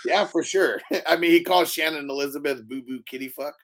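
A man's voice: on the high side, a little fast. A man co-hosting a casual podcast, rambling through movie scenes, laughing often and swearing freely. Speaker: podcast co-host.

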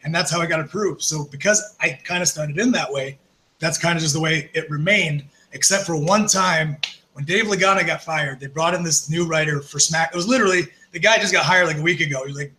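Guy talking real fast in a high bright voice, casual storytelling, swears a lot, keeps saying like. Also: poor audio. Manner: animated, profane, lots of fillers. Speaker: podcast guest, former wrestler.

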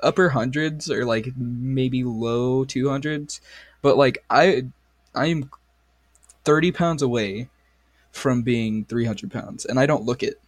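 A man's voice: mid-range voice, slow, no room sound. A young man co-hosting a casual podcast, swearing a lot and retelling stories with animation. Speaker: podcast co-host. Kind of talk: casual chat.

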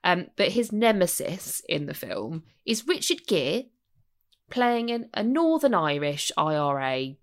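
Woman, low-ish voice, very lively pitch, casual swearing podcast chat. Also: unhurried. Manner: chatty, animated, swears casually. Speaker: podcast co-host.

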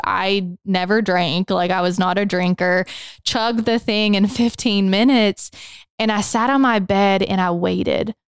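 A young adult woman co-hosting a podcast, telling her own story in an earnest, emotional way, slowing down on the hardest moments. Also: medium pitch, smooth, no room sound. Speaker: podcast co-host. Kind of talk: candid personal testimony.

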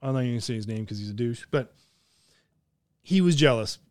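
Brisk and medium-pitched, this man hosts a podcast where he laughs a lot and swears through casual, animated stories. He comes from southern Ontario in Canada, and the dry recording has a clean studio sound.

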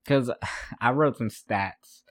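A man's voice: medium pitch, slow, a bit bright, dry recording, studio quality. A man hosting a podcast, recapping a fight in casual chat, rambling, repeating himself and laughing at his notes. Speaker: podcast host.

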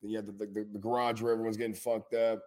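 A man's voice: lowish voice, little pitch movement, racing, warm tone. A man co-hosting a casual chat, rambling in slang and often asking "you know what I mean". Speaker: co-host.

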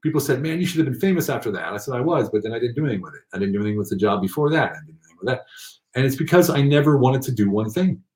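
A man telling rambling, animated anecdotes with many fillers in a casual interview. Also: mid-range voice, racing, echoey room. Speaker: guest.

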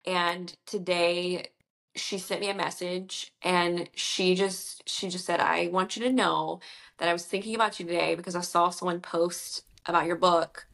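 A young woman, chatting in an interview as a debut novelist and retelling conversations in a lively, rambling way. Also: lowish voice, vocal fry. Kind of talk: casual interview chat.

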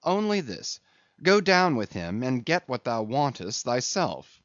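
A stern, level-headed ship's first mate, as a man voices him in an audiobook, brief and measured in speech. The sound is dry and a little muffled. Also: medium pitch, big pitch swings, fairly bright tone, dry recording. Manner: short, measured replies. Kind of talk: audiobook reading.

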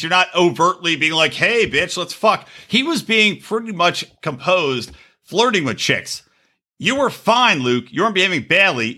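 A man hosting a podcast, ranting profanely and mocking reality TV stars with quick impressions. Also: high-pitched, pushed and bright. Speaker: podcast host. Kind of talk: profane comedic rant.

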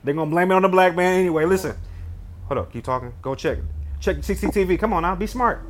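A man from Detroit, giving joking, animated commentary while playing a video game. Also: high voice, fast talker, slight background noise. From Detroit, USA. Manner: animated, joking, loud banter at the screen. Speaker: gaming video host. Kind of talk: gameplay commentary.

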